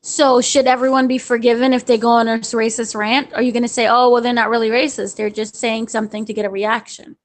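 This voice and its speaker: A woman's voice: a little high, level tone, brisk, hardly any pauses. A woman co-hosting a podcast in casual discussion, asking probing questions. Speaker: podcast co-host.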